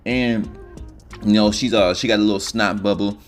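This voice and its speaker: A man's voice: fairly low pitch, little pitch movement, fast talker, soft background music. A man telling a comedic story in a loose, rambling, profane way.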